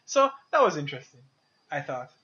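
A man's voice: fairly high pitch, sing-song, fairly quick, bright, forceful tone, muffled recording. A man with a French accent co-hosting a casual movie review chat, telling stories animatedly, laughing often and swearing casually.

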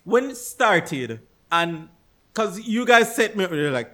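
A man in casual conversation, tearing into a movie with exasperated energy. His fairly high voice swings widely in pitch, and he throws in curses and mock-quotes of his own reactions. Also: a little slow. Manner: animated, exasperated, swearing, acts out reactions. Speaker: podcast co-host. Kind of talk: casual chat, movie review rant.

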